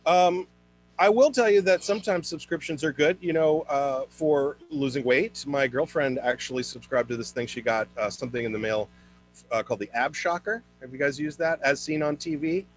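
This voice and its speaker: A young man performing a stand-up comedy set for an online show, switching into high put-on voices for his characters. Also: moderate pace, slight background noise.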